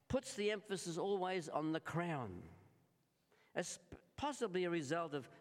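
An Australian man delivers a sermon at an unhurried, measured pace. His pitch rises and falls in an animated way as he leans on key words and calls out to the congregation. A long reverb hangs on his voice, as in a reverberant church hall. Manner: slow and deliberate, stressing key words and repeatedly addressing the congregation. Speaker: preacher.

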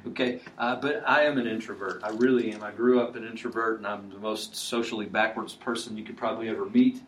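A man's voice: on the low side, fairly even intonation, quick pace, fairly bright tone, a little hiss or hum. A man preaching a sermon in a conversational way, often restarting his sentences with filler words. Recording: echoey room, mic at a distance.

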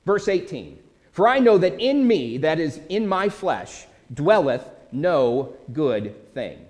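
Middle-aged male pastor; slightly raised pitch, animated delivery, sermon with rhetorical questions. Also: takes it slowly. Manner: preaching with emphatic repetition and rhetorical questions.

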